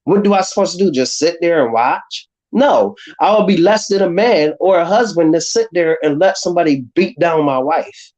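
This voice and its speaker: A man's voice: on the high side, normal speed, few pauses. A man telling a rowdy story in casual livestream talk. He acts out the other people in the story as he goes. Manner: animated, acts out voices in his stories. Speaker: guest. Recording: dull, lo-fi call audio.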